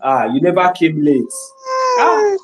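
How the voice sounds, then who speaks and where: A man's voice: fairly high pitch, huge pitch swings, a little slow, very noisy. A man with a Nigerian accent chatting casually, teasing in Pidgin and thanking others, often repeating his phrases. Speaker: community member. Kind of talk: casual chat.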